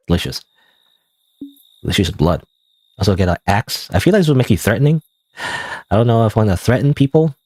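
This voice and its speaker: A man's voice: fairly low pitch, darkish tone, no echo. A man streaming a game live, giving casual, rambling, self-deprecating commentary full of "you know" and "I don't know.". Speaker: gaming streamer.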